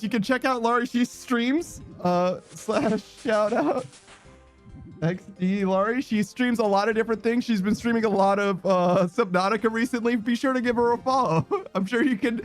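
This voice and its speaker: Faint music plays behind a man with a very high voice who talks at a normal speed while streaming. Laughing often, he reads his chat out loud and ribs his viewers with casual, profanity-laced slang.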